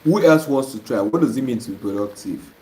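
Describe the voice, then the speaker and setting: Blunt Nigerian man, lively voice. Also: medium pitch, a little fast. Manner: blunt, scolding, laughs at wrong answers. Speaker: online course teacher. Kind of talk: live-stream lesson, reading viewer comments. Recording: noisy live-stream audio.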